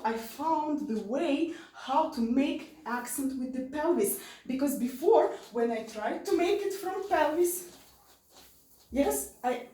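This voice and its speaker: A woman teaching an online dance class in non-native English, giving repetitive cues and counting out the moves. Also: high-pitched. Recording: roomy studio, voice from a distance, music behind.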